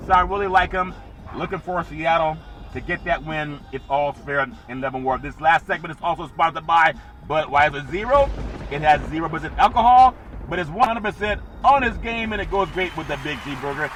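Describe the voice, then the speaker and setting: A man's voice: a little high, brisk, fairly bright tone, poor audio. A man hosting a solo sports podcast, rambling and jokey with sing-song asides.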